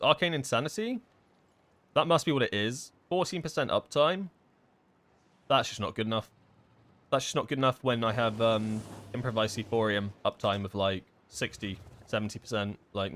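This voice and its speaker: A man's voice: medium pitch, normal speed. Man streaming a game, thinking aloud. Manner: casual, thinking aloud with many fillers and restarts; answers chat questions, relaxed and offhand. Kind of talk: live-streamed gameplay chat.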